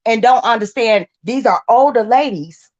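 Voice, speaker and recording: A woman's voice: on the high side, moderate pace, highs cut off. A woman in her forties calling into a live stream, upset and grieving, stumbling over her words as she vents. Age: 40s. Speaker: caller. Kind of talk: heated live-stream call-in rant.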